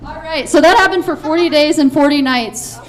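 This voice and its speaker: A high, lively woman runs a children's Bible play from the front of a church. Her talk is upbeat and playful, full of quick cheers and stage cues for the kids. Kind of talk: directing a children's Bible skit.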